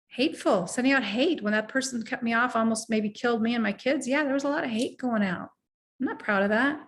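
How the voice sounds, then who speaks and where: A middle-aged woman working as a life coach delivers an earnest, reflective motivational talk, at times leading the listener through slow breathing. Her voice sits a little high and has a fairly bright tone.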